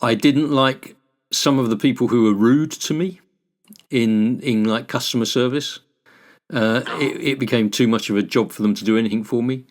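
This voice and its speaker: An older British man co-hosts a podcast, chatting casually and spinning anecdotes in which he acts out the exchanges. His voice is mid-range and his pace moderate.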